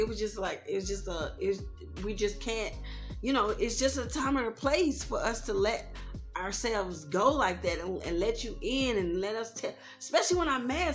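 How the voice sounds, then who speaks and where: A woman vlogger talking candidly in a casual advice vlog, growing loud and heated as she rants. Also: on the high side, normal speed, soft background music. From United States. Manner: candid, animated, rising to loud outbursts when ranting.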